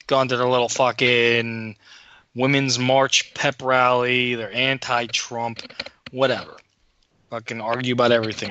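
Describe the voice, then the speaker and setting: A man's voice: medium pitch, pushed and bright, no echo, muffled recording. Fired-up, foul-mouthed man telling a story. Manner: profane, worked-up storytelling. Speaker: podcast co-host. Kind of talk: casual storytelling chat.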